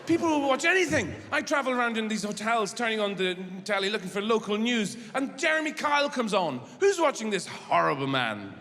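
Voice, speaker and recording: A middle-aged Irish man doing stand-up, rambling and halting, then bursting into shouted rants. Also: high-pitched, sing-song. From Ireland. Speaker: stand-up comedian. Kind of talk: stand-up comedy. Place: large theatre stage. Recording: live theatre with long reverb and audience noise.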